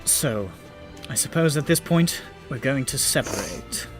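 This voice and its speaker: A man voicing Orin, a steady male ally leader in a tabletop game, talking calm and measured. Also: mid-range voice, music in the background, pitched below the performer's own voice. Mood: calm resolve.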